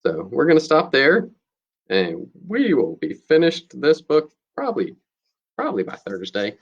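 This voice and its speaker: A man, a teacher, reading a novel aloud to his students in a steady, plain storytelling manner. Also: fairly high pitch, unhurried, vocal fry, husky, highs cut off.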